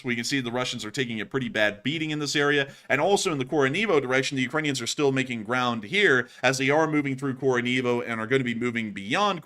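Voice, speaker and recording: A man's voice: mid-range voice, sharp tone. A man hosting a war news show, giving casual commentary with chatty, joking asides.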